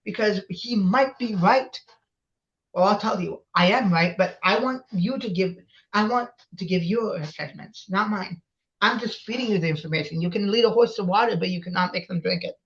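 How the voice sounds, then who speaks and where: A man's voice: high voice, normal speed, fairly bright tone. A man in his twenties, a guest in an interview, talking with passion and insistence and repeating his points. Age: 20s. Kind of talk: emotional conversational interview. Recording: dull lo-fi audio.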